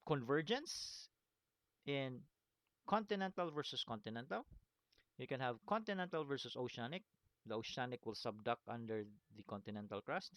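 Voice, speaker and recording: A man with a smooth, resonant voice walks students through a screen-recorded lesson. He repeats key points and keeps checking understanding. The sound is close and dry, with no room around it. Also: medium pitch, expressive, moderate pace, a bit bright, no room sound. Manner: repetitive, stops to check understanding with "okay?" and "right?"; apologetic chuckles at his own slips. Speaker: teacher.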